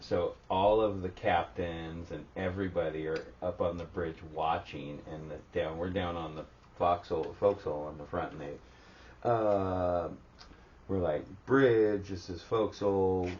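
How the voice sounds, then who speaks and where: A very low-voiced man chats on a casual podcast, jokey and quick to jump in with mock quotes. He is heard from a distance over a dull line with faint background hiss. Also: steady tone. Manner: jokey, chimes in with loud put-on quotes. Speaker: podcast co-host. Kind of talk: casual chat.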